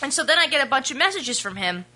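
A young woman co-hosting a casual radio show, telling a story in an animated way, swearing freely and acting out what people said. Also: high-pitched, fast, slight background noise.

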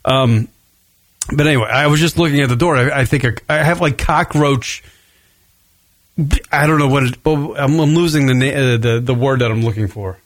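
Recording his podcast alone in his apartment's home studio, this young man speaks in a mid-range voice at a moderate pace, without echo. Slightly drunk from beer, he rambles, curses freely and mocks himself throughout the rant.

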